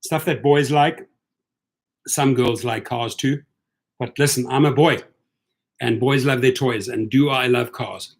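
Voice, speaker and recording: A man with a creaky mid-range voice speaks at a measured pace with fairly even intonation, pausing often. He hosts a casual livestream for rideshare drivers, reading viewer comments aloud. Tired-sounding, he talks loosely, repeats himself, and answers each viewer in turn.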